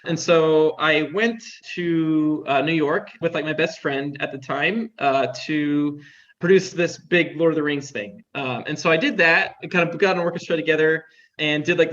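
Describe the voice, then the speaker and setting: A little high with a fairly bright tone, this young man's voice comes through dull lo-fi audio. As an interview guest he tells stories casually and chattily, leaning heavily on "like" fillers.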